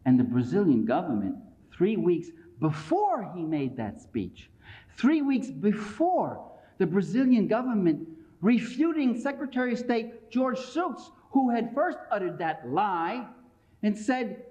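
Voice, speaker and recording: A middle-aged man delivers a combative, sarcastic and emphatic public lecture, preserved on a dull lo-fi lecture tape from the 1980s. He speaks unhurriedly in a high, sing-song voice with a warm tone.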